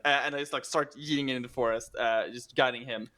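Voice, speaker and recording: A man's voice: medium pitch, fairly even intonation, brisk, bright, forceful tone. A man taking part in a tabletop role-playing game, talking hesitantly with lots of fillers. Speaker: player. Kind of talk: casual tabletop play.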